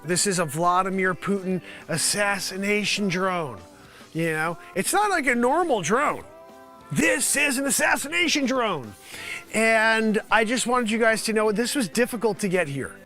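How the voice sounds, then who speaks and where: A man delivering a rambling, deadpan mock news report as a comedy vlogger, full of fillers. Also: very high voice.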